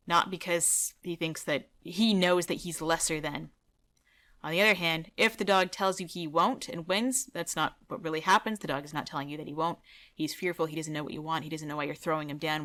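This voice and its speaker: A woman dog trainer talks through a training video in a loose, conversational way, blunt and indignant in her opinions. Her voice sits a little low but has a bright, forward edge to it. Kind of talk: casual video commentary and storytelling.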